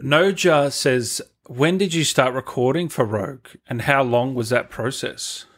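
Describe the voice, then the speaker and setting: A man hosting a casual interview over a video call, relaxed, prompting his guest and reading out viewer questions. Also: mid-range voice, unhurried. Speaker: interviewer host.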